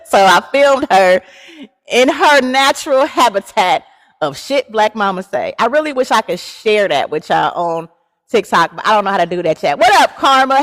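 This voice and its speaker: A woman's voice: medium pitch, big-room sound. A woman in her forties hosting a casual livestream, chatty and laughing often as she talks straight to her viewers. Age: 40s. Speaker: live show host.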